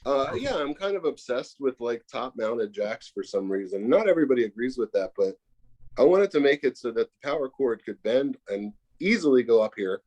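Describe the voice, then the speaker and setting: Um homem convidado numa entrevista casual por chamada de vídeo, que fala de modo modesto e hesitante, com muitas pausas. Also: male voice, mid-range voice, lively intonation, a little mellow. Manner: modest, hesitant, with many fillers. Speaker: guest, pedal maker. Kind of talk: casual video-call interview. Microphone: phone on a video call.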